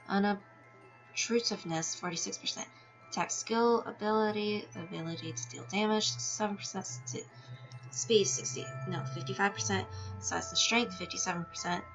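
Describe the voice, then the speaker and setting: A woman's voice: medium pitch, gravelly, fairly bright tone. A woman reading a text game aloud with her own asides, now and then tripping over words and laughing at herself. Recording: dull lo-fi sound with music behind.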